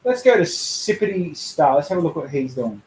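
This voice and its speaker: A man's voice: on the high side, sing-song, normal speed, a little mellow, roomy sound, a little hiss or hum, rough recording. A young man hosting a casual livestream, blunt and sweary, joking as he goes. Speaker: streamer host.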